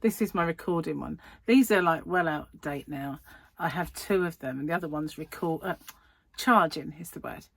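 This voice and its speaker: A woman's voice: low voice, normal speed, gravelly, no echo. A middle-aged English woman chatting in a casual vlog, retelling an annoying delivery story with exasperation. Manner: animated, exasperated retelling with laughs. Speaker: crochet vlogger.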